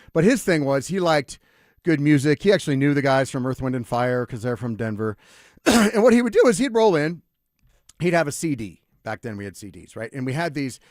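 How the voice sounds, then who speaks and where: A man's voice: a little high, no echo, clean studio sound. A middle-aged man hosting a sports radio show, talking casually and telling rambling stories with lots of energy. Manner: animated, rambling storyteller. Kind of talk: casual radio talk and storytelling. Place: radio studio.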